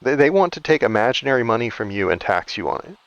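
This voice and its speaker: A man's voice: mid-range voice, very animated, fast, muffled recording, slight background noise. A man giving casual, rambling commentary while playing a survival game, ranting with frequent restarts. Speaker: gaming video creator.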